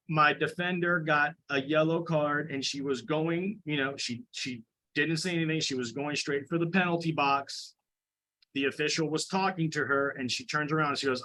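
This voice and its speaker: A man who coaches high school girls lacrosse, making an indignant, emphatic complaint at a committee meeting and often restarting his sentences. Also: fairly bright tone, rough recording. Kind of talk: public comment at a committee meeting.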